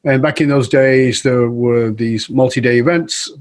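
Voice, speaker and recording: A man's voice: mid-range voice, a little slow. A middle-aged man as a podcast guest, telling a story in conversation and acting out the voices of the people he quotes. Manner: animated, acts out quoted voices.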